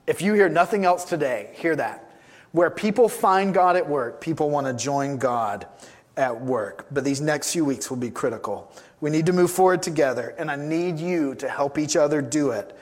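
A man's voice: on the high side, animated, normal speed. A man pastor preaching a sermon, emphatic and given to repeating his key phrases.

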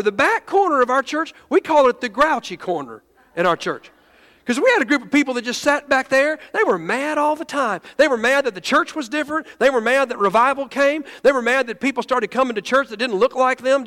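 A pastor telling a funny story in an animated sermon, stumbling and laughing as he goes. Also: very high voice. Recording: long hall reverb.

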